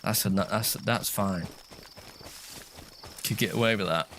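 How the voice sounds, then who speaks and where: Low-voiced man chatting casually. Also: slow, slight background noise. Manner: relaxed, chatty, easygoing banter. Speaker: game streamer. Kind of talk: casual chat over voice comms while gaming.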